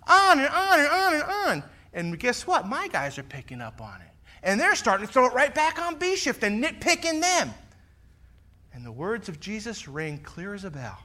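Man preaching, high lively voice, bright tone, middle-aged, tells stories and acts out quotes. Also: normal speed. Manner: animated storytelling, acting out quotes, swings from loud to soft. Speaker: pastor and firefighter lieutenant. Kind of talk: sermon with personal stories.

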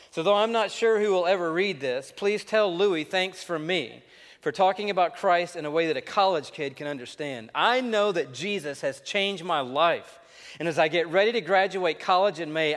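A man preaches in a large church, telling a story with animated energy and reading a letter aloud. His voice sits on the higher side. The sound carries a long reverb from the hall. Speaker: pastor. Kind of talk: sermon.

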